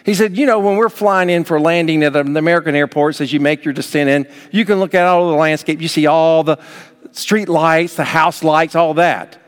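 A man preaching a sermon as pastor, emphatic, with sudden rises in pitch and loudness. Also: steady tone, normal speed, clean tone. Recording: long hall reverb.

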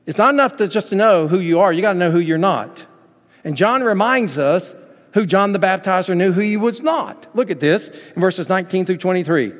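A man's voice: sits high, expressive, brisk, in a large hall. A man preaching a sermon as pastor, telling stories with emphasis and acting out the quotes he cites.

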